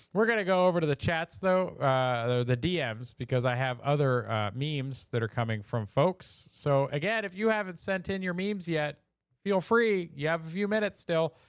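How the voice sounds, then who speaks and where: A man's voice: a little high, lively intonation, moderate pace, clean tone, no room sound, studio quality. A man hosting a casual live show, joking about memes in a chatty way and laughing at his own jokes. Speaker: show host.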